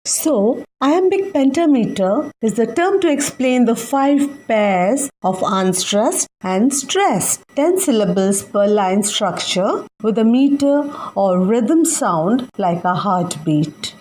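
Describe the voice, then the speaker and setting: Slow, careful woman teacher. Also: fairly high pitch, expressive, a little mellow, a little hiss or hum, low-quality recording. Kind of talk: exam-focused literature lesson.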